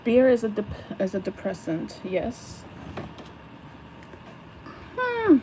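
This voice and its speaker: A young woman talks slowly and loosely to her chat while she does her makeup at a vanity. She rambles and swears now and then. A faint air-conditioner hum runs underneath. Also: on the high side, wildly swooping pitch. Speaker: livestreamer. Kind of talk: casual livestream chat while doing makeup. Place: home, at a vanity mirror.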